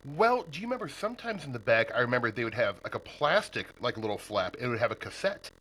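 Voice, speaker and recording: Upbeat male podcast host from Nebraska, lively, bright voice, laughs easily. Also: mid-range voice, quick pace, breathy edge, rough recording. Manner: upbeat and chatty, laughs often. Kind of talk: casual interview chat.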